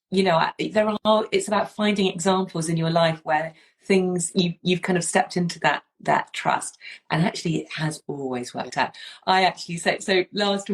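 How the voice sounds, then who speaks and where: A woman's voice: fairly low pitch, poor audio. A woman, hosting a casual chat and telling a story with many restarts and asides. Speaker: podcast host.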